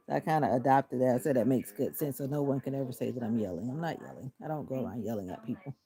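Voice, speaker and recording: A woman with a low, gravelly voice chats casually with viewers on a livestream. Her tone is mellow and deliberately monotone. She talks while doing arm exercises on her couch. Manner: deliberately flat, monotone delivery. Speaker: livestream host.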